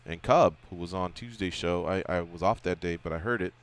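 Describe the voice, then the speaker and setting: A male radio host with a low, smooth voice talks a little fast, chatting casually about fighting on sports radio. He jokes around and teases his guest.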